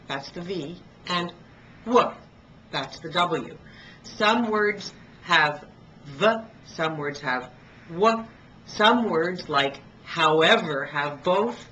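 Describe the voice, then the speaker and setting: A middle-aged woman giving a pronunciation lesson on video, speaking clearly and deliberately and slowing down to demonstrate sounds. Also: lowish voice, fairly bright tone, muffled recording, slight background noise. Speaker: pronunciation coach. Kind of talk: instructional video talk.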